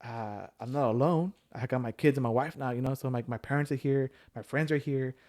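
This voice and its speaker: A man's voice: mid-range voice, fairly quick, darkish tone. A man, telling a personal story in casual chat, full of fillers and restarts. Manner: rambling storyteller with many fillers. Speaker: podcast guest sharing his story.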